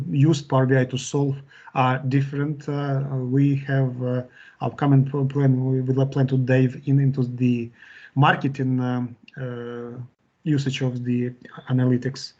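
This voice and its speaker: A man presenting a live webinar, answering chat questions and wrapping up. He talks in a halting way, with frequent fillers and restarts. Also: mid-range voice, mellow. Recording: dull, lo-fi webinar audio.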